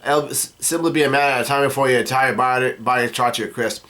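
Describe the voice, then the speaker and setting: A man reading the lines of a boastful male villain in a flat, quick voice. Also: mid-range voice, lightly acted. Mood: gloating.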